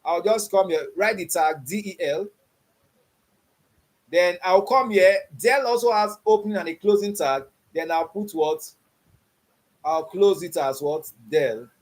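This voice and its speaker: High-voiced man teaching coding. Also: unhurried. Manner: repeats "you understand what I'm saying?" and quizzes with "what?". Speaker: coding instructor. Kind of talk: online coding class.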